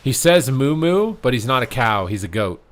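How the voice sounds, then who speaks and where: Excitable man casting an esports match. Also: medium pitch, normal speed. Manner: slangy, jokey, yells at big plays. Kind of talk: excitable live esports commentary.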